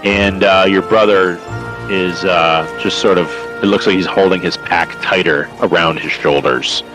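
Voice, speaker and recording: A man narrating as game master of a tabletop game, talking in a halting way with many fillers and restarts. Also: sits low, steady tone, over music, rough recording.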